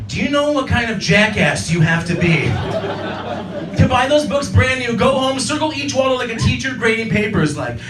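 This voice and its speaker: A man's voice: extremely high pitch, big pitch swings, normal speed, loud music behind the voice. A man in his thirties performing a stand-up set in a comedy club, acting out characters in silly voices. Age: 30s. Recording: roomy club audio from a distance. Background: audience laughter.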